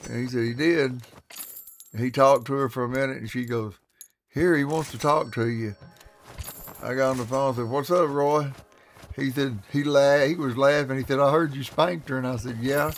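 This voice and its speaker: A man with a gravelly, mid-pitched drawl tells folksy stories on a live stream. He laughs often and acts out each quote. Faint game music plays underneath. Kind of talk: casual storytelling on a live stream.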